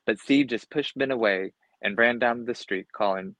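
A man's voice: mid-range voice, moderate pace, no echo, muffled recording. Man reading a children's storybook aloud. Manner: expressive, occasional slips and restarts. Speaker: storybook reader.

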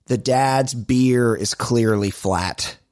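A man co-hosting a podcast, telling stories in casual chat with animated, exasperated swearing. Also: mid-range voice, takes it slowly, no room sound, clean studio sound. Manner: animated, profane, exasperated storytelling. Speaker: podcast co-host.

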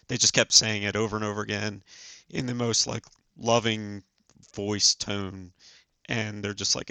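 A man in his forties, a podcast guest, telling a personal story in an earnest, halting way with many fillers. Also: lowish voice, steady tone, creaky, pushed and bright, dry recording. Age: 40s. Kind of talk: casual storytelling.

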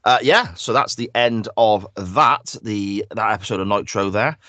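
A man's voice: on the low side, normal speed, bright, forceful tone, no room sound. A man co-hosting a podcast, chatting casually and enthusiastically as he breaks down a wrestling show. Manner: enthusiastic, analytical. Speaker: podcast co-host.

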